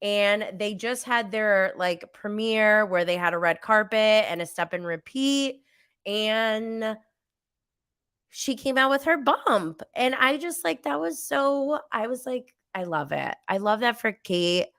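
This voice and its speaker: A woman's voice: medium pitch, slow pace, fairly bright tone, clear, resonant tone, dry recording, clean studio sound. A woman in her thirties hosting a podcast, chatting casually and rambling with fillers and self-aware asides. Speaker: podcast host. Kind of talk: casual solo recap chat.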